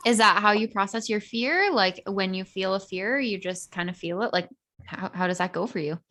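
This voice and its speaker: A woman's voice: mid-range voice, normal speed, bright, forceful tone. A woman hosting a podcast, asking curious questions in a casual way, full of "like" fillers. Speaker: podcast host. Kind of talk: casual interviewing.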